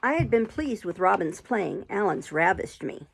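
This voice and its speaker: A woman's voice: mid-range voice, very animated, moderate pace, gravelly, few pauses, breathy edge. A woman reading a classic adventure novel aloud, lifting her voice for the characters' quarrelling lines. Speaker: audiobook reader.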